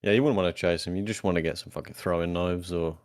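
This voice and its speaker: A man's voice: low-pitched, fairly even intonation, fast, darkish tone, no room sound, studio quality. A man, co-hosting a podcast, talking in a blunt, sweary way. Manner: blunt, sweary, says "innit". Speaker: podcast co-host. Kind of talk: casual chat.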